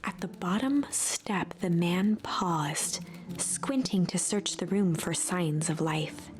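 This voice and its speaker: A woman streamer reading a game's story narration aloud, hushed and suspenseful, often dropping to a whisper. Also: on the low side, slow pace. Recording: music playing under the voice. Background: game music.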